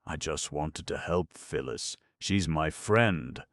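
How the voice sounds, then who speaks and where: A man's voice: a bass voice, animated, takes it slowly, a bit bright, no echo, clean studio sound, heavily acted. A man voicing an earnest, impatient young woman in an audiobook, speaking in a clipped, insistent way.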